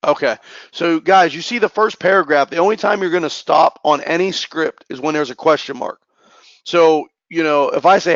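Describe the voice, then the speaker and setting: A man running a sales training session and role-playing calls, talking in a quick, energetic way. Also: a little high, no echo. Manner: energetic, fast-talking, caffeinated. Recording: muffled lo-fi dry recording.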